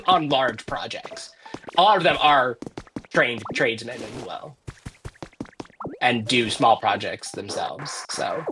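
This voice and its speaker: Man, speedrunner, bright tone, casual play-by-play, self-correcting, faint background music. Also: on the high side. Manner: chatty, thinks aloud, self-correcting. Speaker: speedrunner playing live. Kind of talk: casual commentary while playing.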